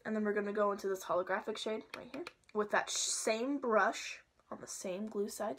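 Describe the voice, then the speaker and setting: A woman's voice: mid-range voice, steady tone, moderate pace, few pauses. Chatty young woman doing a makeup tutorial. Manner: chatty and playful, drifts into soft asides. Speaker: makeup vlogger. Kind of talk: casual makeup tutorial chat.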